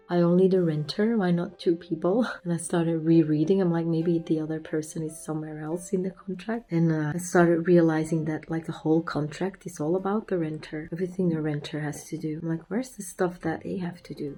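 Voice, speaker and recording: A woman's voice: on the low side, gravelly, mellow. A woman who is sick and coughing, confiding her stress in a candid video diary. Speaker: vlogger.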